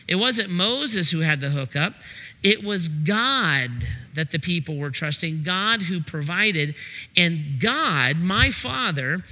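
A man preaching a sermon as pastor, animated and emphatic, often acting out the voices of his listeners. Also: fairly high pitch, slow, big-room sound.

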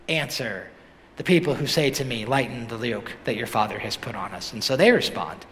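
A man preaching a sermon as pastor, animated and building to emphatic questions. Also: medium pitch, fairly quick. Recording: long hall reverb.

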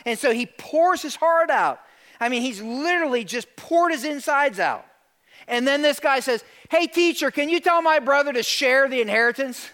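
A middle-aged male pastor preaching a lively sermon, acting out quotes and calling for amens. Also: very high voice. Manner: animated preaching, asks for amens, acts out quotes.

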